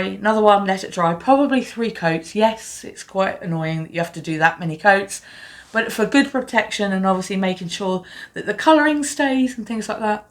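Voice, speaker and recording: A woman's voice: medium pitch, a bit bright. A woman hosting a polymer clay crafting tutorial, talking in a chatty, reassuring way as she explains each step. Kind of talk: casual tutorial talk.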